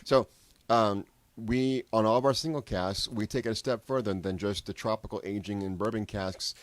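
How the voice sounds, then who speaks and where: A man's voice: lowish voice, steady tone, normal speed, no echo. A man representing a rum brand, explaining cask aging during a casual tasting chat, with many restarts and fillers.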